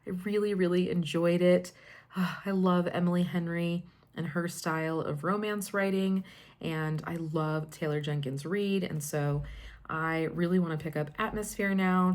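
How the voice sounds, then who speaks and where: A woman vlogger in her thirties talks straight to her camera at home, chatty and upbeat as she catches her viewers up. Her voice sits a little low for a woman. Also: darkish tone. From Colorado. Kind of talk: casual vlog chat.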